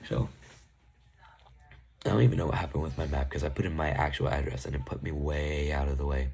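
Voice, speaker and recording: A man's voice: a bass voice, steady tone, a little fast, vocal fry, darkish tone, slight background noise. A young man telling a casual, profane storytime about an ex, rambling and exasperated. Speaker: vlogger.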